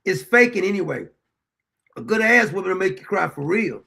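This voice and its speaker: A man hosts his own show and reacts to a courtroom video with indignant, profane commentary. He rambles and restarts, his voice high-pitched and gravelly throughout. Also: very animated, a little fast, bright, forceful tone. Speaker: show host.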